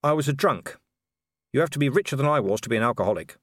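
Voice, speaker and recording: A man's voice: medium pitch, lively intonation, fast talker, fairly bright tone, no echo, studio quality. A man voicing a blunt, wary middle-aged police commander.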